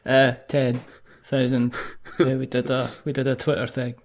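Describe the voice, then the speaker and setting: A man's voice: medium pitch, completely flat delivery, moderate pace. A man hosting a podcast, teasing his guest and giggling as he pushes for more. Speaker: podcast host. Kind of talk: casual podcast interview.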